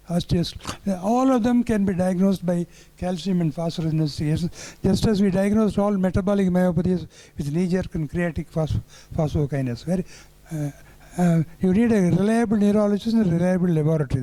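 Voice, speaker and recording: A man's voice: high voice, warm tone, low-quality recording. An older man with a Tamil Indian English accent giving an anecdotal neurology lecture, repeating phrases for emphasis and chuckling at his own stories.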